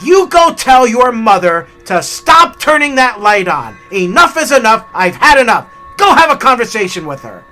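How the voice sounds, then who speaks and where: A man voicing a grumpy older man who yells at his family with short-tempered outbursts. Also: high voice, big pitch swings, measured pace, few pauses, soft background music, exaggerated voice. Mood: angry yelling.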